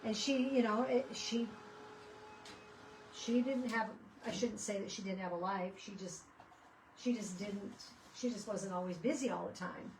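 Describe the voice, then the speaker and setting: A woman talks casually as she works on a craft project, wandering off into stories and restarting her sentences. She sits some way back from the microphone, so her voice sounds slightly distant. Her pitch sits in a middle range. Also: a little slow, a little hiss or hum. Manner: rambling, chatty, with frequent restarts. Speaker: craft vlogger. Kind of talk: casual chat while crafting. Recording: voice picked up from a distance.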